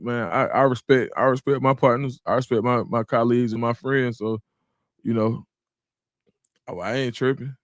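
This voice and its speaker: A man at a mid-pitched, ordinary register, hosting a relaxed livestream from a small room at home. He talks in a loose, conversational way and greets viewers by name. His voice is close and dry on a desk mic. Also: no room sound. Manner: laid-back, talks straight to viewers, greets chat by name. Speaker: livestream host. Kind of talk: casual livestream chat.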